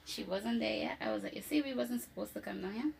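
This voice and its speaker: Lady late 20s telling her story, bit gravelly, slightly high, lots of laughing and acting out voices. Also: fast, slight background noise. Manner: animated, acts out quoted voices, laughs often. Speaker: co-host telling her testimony. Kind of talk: casual storytelling.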